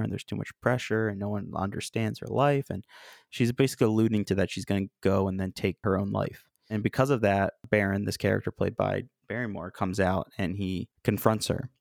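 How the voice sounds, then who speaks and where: A man casually discussing an old film with a co-host, animated and acting out the quoted lines. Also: fairly low pitch, a little fast, creaky, no room sound, studio quality.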